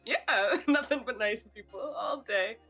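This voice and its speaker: A woman's voice: on the high side, a little slow, pushed and bright, dull audio, soft background music. A woman playing in a tabletop game, chatting casually, giggling and gushing. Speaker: player. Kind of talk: casual chat.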